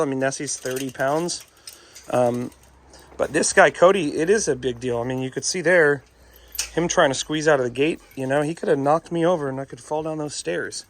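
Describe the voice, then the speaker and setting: A man's voice: fairly high pitch, fairly bright tone, a little hiss or hum. A man who trains dogs, talking to viewers in a chatty, emphatic way and often calling them "folks". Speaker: dog trainer. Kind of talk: casual instructional vlog.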